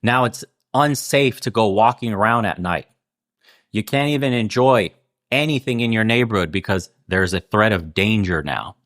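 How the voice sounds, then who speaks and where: A man's voice: fairly low pitch, normal speed, a bit bright, no echo. Sarcastic man ranting, dry close sound. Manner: heated, sarcastic and profane, with rhetorical questions. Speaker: channel host. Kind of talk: political commentary rant.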